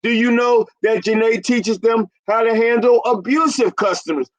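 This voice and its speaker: A man in his fifties, a business consultant, talking emphatically to an audience he calls ladies and gentlemen. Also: very high voice, normal speed, low-quality recording. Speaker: carpet cleaning business consultant. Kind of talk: promotional business talk.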